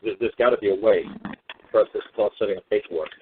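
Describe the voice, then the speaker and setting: A man with a fairly low voice talks through a casual advice monologue in a folksy, rambling, plain-spoken way. He comes through a thin, tinny phone line with the lows and highs cut off. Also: fast talker, slight background noise. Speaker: host.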